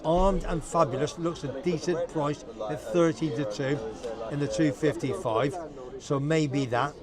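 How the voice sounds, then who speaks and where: A man with a steady, somewhat high voice speaks unhurriedly as a guest on a livestream, bantering casually but rambling with lots of fillers and restarts, with a lingering cough. He's outdoors at a busy bar, and crowd chatter fills the outdoor recording.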